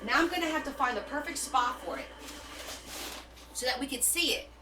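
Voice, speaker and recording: A woman hosting a casual live craft stream, gushing and excitable as she opens gifts and reads notes aloud. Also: high-pitched, fairly quick, noisy background. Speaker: craft livestream host. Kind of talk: casual live unboxing chat.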